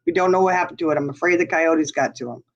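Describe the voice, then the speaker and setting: A woman's voice: deep voice, quick pace. A woman telling a long story in casual chat, laughing often and saying "you know" a lot. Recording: dull lo-fi sound.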